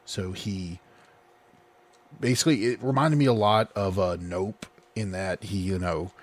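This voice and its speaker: A deep-voiced man on a podcast, talking through a story with lots of pauses and fillers. His low pitch gives the casual chat a heavy feel. He wanders, restarts and keeps the tone light. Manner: rambling storyteller, hesitant with many fillers. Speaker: podcast co-host.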